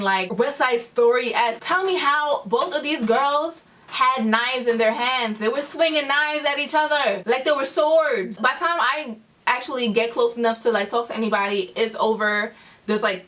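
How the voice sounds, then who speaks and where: A woman's voice: on the high side, fairly bright tone. A young woman vlogger telling a story, acting out what her friends said. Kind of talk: storytime vlog. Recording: voice a bit far from the mic.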